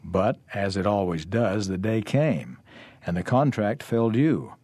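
Give me a low-voiced man reading a lesson text slowly and evenly, husky and dry. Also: expressive, mellow, no echo. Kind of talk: scripted reading of a parable.

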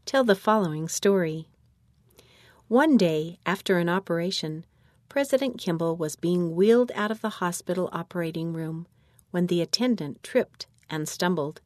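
A woman reading a children's church lesson manual aloud in a measured, instructional way. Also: fairly low pitch, darkish tone, no echo, studio quality.

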